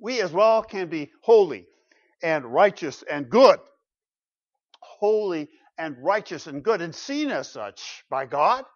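A man preaching a sermon with dramatic rhetorical questions, swinging from loud to quiet. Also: sits high, sing-song, slow. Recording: dull lo-fi recording.

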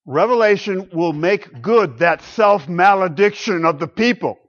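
Emphatic preacher with a higher voice. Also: male voice, lively intonation, measured pace, lo-fi sound. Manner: emphatic, swinging from loud exclamations to low quiet asides. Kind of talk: sermon.

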